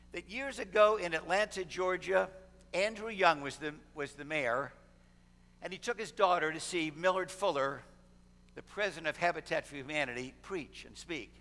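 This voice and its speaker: A man's voice: high voice, bright, forceful tone. A middle-aged man preaching a sermon as pastor, telling a story and building to a fervent close. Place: church sanctuary. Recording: long hall reverb in a church sanctuary.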